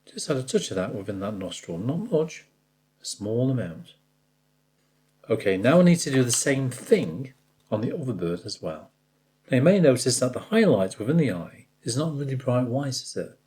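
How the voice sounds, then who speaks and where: Male art tutor, warm and lively, chatty teaching manner. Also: medium pitch, moderate pace. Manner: chatty, addresses the viewer directly, jokes at his own slips. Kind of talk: step-by-step painting tutorial.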